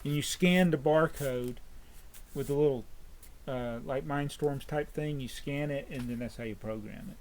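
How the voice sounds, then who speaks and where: A man's voice: medium pitch, unhurried, darkish tone, slight background noise. A man in his thirties, hosting a casual chat and rambling through a list, often correcting himself. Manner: rambling, self-correcting, chatty collector. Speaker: host.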